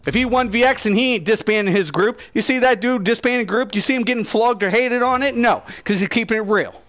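High-voiced man ranting over gameplay. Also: fairly quick, fairly bright tone. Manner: profane ranting, trash-talking. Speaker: gaming channel host. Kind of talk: live gameplay commentary.

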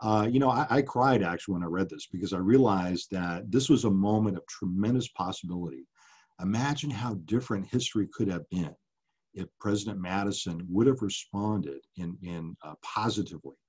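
A man's voice: sits low, a little fast, a little mellow, husky. A middle-aged man giving a passionate public lecture as an author, earnest and full of ums and uhs.

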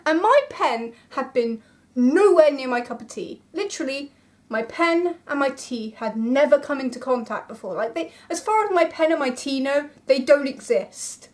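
A young woman with a high voice tells a story for her vlog. She is casual and animated, building suspense with dramatic asides and exclamations. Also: moderate pace. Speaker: vlogger.

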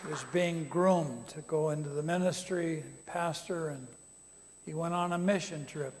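Animated preacher in a reverberant hall. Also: male voice, fairly high pitch, measured pace, a faint crowd. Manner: animated, rising to loud emphatic calls. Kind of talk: sermon to a congregation. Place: conference center hall. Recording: long reverb of a large hall.

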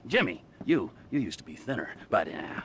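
A man's voice: fairly low pitch, sing-song, moderate pace, creaky, a bit bright, a little hiss or hum, heavily acted. An actor playing a volatile, menacing male criminal in a video game cutscene, talking in a mocking, sarcastic way. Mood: mock cheerful. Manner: mocking, sarcastic, lurches between sneer and fake cheer.

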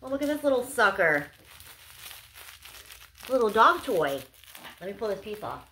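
A woman's voice: medium pitch, sing-song, moderate pace, sharp tone, a little hiss or hum. A young woman chatting casually to camera as she unboxes gifts, gushing and bubbly, with lots of "like"s. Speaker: unboxing vlogger.

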